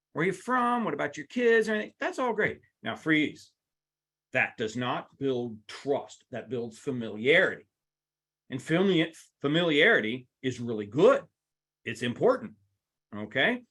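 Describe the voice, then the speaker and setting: A man's voice: medium pitch, fairly bright tone, slightly rough. A man teaching a live workplace seminar, talking straight to the audience with playful asides. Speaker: workplace trainer.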